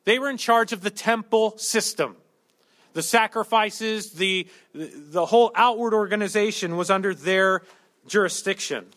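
A man's voice: sits high, a little slow, fairly bright tone. A man preaching a conversational sermon, working through a Bible passage verse by verse with humorous everyday asides. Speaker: pastor.

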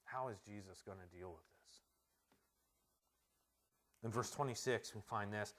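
A man preaching a sermon as pastor, emphatic and swinging from hushed words to loud ones. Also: fairly low pitch, a little slow.

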